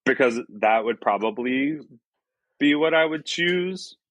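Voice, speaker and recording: A man's voice: mid-range voice, animated, unhurried, a bit bright, dry recording. A man from the Southern US, a podcast guest chatting casually and joking about himself. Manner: chatty, self-deprecating, easy laughs. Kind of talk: casual conversation.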